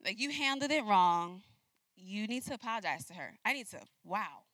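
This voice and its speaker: A young adult woman giving a message, telling a personal story in an animated way and acting out the dialogue. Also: medium pitch, moderate pace, no echo. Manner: animated, acts out dialogue with laughs. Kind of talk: storytelling sermon.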